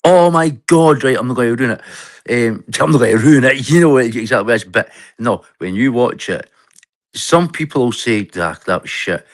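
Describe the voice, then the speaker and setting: A man's voice: medium pitch, brisk, no room sound. A man with a cold and a cough, talking in a rambling casual chat as a guest, restarting and trailing off mid-sentence.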